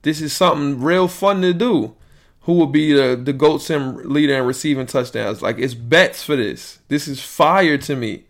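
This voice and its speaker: A man's voice: fairly high pitch, normal speed. A young man, hosting a podcast in loose, rambling, profane chat. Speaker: podcast host.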